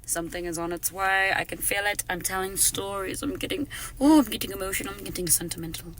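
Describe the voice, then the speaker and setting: Bright-voiced young woman, casual vlog talk. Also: mid-range voice, fast, slight background noise. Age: 20s. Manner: expressive, swears freely, bursts into singing. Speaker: vlogger. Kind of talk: casual personal monologue.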